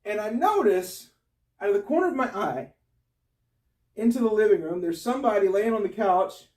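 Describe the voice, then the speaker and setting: A man telling a comic story on stage, animated and breaking into high yelps and laughter. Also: moderate pace, far from the mic. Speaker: stand-up comedian. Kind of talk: storytelling stand-up.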